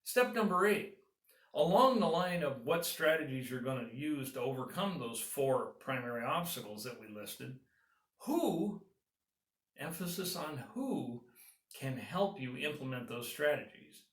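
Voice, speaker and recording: A man's voice: mid-range voice, animated, normal speed, fairly bright tone, reverberant, distant mic. A man, a business consultant, giving earnest, encouraging advice and walking through steps one by one. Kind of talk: advice talk to camera.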